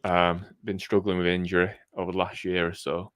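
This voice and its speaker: A man's voice: low-pitched, flat delivery, fairly quick, fairly bright tone, smooth, no echo, clean studio sound. A man co-hosting a live cricket watchalong, chatting casually and thinking aloud with frequent ums. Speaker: cricket podcast co-host.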